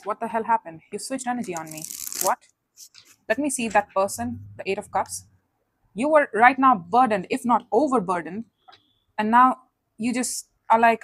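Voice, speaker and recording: A woman's voice: medium pitch, a bit bright, no echo. A woman doing a tarot reading to camera, talking in a conversational way that keeps calling the listener honey and asking "right?" or "okay?". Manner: conversational, calls listener honey, asks tag questions. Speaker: tarot reader.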